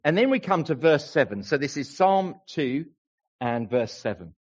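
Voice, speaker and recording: A man's voice: fairly high pitch, big pitch swings, normal speed, lo-fi sound. A man preaching a sermon to a congregation, emphatic and playful. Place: church hall with a congregation.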